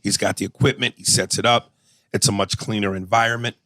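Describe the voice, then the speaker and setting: A podcast co-host with a fairly low voice talks briskly, recorded with no room sound. In casual chat he tells loose, profane stories, animated and full of impressions.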